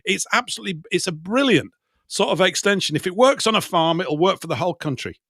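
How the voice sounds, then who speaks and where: Enthusiastic man, rather high voice. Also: fast talker, dry recording, clean studio sound. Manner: enthusiastic, animated storytelling. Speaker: guest. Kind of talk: casual chat.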